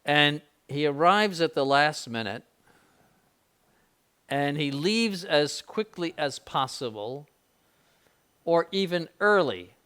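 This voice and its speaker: This older bishop's voice is fairly high, clear, resonant, and bright, animated but slow with long pauses, as he gives an informal spiritual conference to seminarians. He talks conversationally, repeats words, restarts frequently, and tosses in mild jokes and dry ironic remarks.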